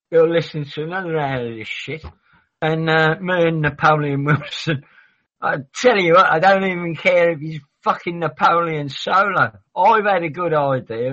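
Sweary man, bright lo-fi. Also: on the high side. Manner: rambling, sweary, argumentative. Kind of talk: heated casual chat. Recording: dull lo-fi audio.

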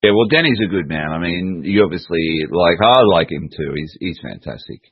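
A man's voice: sits low, expressive, moderate pace, breathy edge, no room sound. A man from England hosting a casual online chat show, easygoing and chatty, with hesitant restarts. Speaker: host. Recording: dull lo-fi dry audio.

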